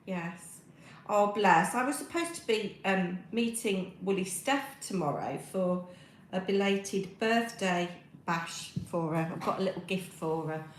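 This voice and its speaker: A woman's voice: mid-range voice, a little slow, roomy sound, a little hiss or hum, poor audio. Chatty British woman knitting on a livestream. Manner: rambling, friendly, many ums, talks while knitting. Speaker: crafting live-streamer. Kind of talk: chatty livestream, reading chat aloud. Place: home room.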